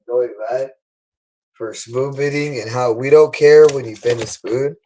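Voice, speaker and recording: A man's voice: mid-range voice, fairly even intonation, measured pace, dark tone, a little hiss or hum, poor audio. A man talking alone on a livestream, repeating himself insistently. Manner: repetitive and insistent. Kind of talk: unscripted livestream monologue.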